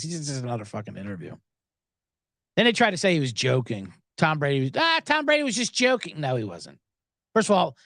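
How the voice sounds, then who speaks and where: Animated, sarcastic podcast host man. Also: a little high, no room sound, clean studio sound. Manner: animated, sarcastic, swears a lot. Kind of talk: profane sports betting rant.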